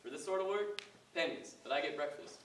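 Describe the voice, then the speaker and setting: An actor playing a humble, working-class male orderly in a school stage play, speaking in rough, plain talk. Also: fairly high pitch, animated, brisk, a bit bright, a little hiss or hum. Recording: echoey stage recorded from far off.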